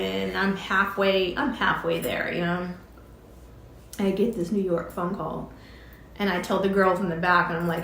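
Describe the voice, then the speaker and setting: A woman's voice: medium pitch, fairly bright tone, slight background noise. A woman casually telling a personal story, chatty and often laughing as she recounts conversations. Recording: roomy echo with faint ambience.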